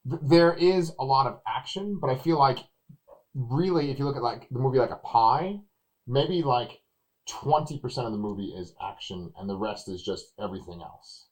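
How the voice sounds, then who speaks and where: A man reviewing a movie in casual chat, animated and acting out what others said. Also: mid-range voice, normal speed, poor audio. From Texas. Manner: animated, acts out quotes loudly.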